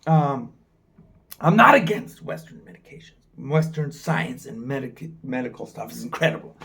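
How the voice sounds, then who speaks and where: A man's voice: medium pitch, lively intonation, moderate pace, gravelly, a bit bright. A man in his forties from the United States, talking frankly to his own camera in a rambling vlog and swearing freely. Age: 40s. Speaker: travel vlogger. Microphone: camera mic, filming himself.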